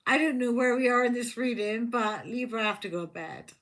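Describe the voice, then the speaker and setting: A woman's voice: fairly high pitch, a little fast, fairly bright tone. A woman hosting a live tarot stream, chatting casually and rambling, repeating herself and talking to her viewers. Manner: talks to viewers by name, affectionate.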